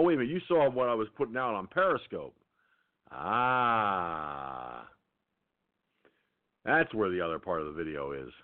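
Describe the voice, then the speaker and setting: A man hosting an internet radio show, telling a profane, angry story in a ranting monologue. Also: medium pitch. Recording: tinny phone-line sound.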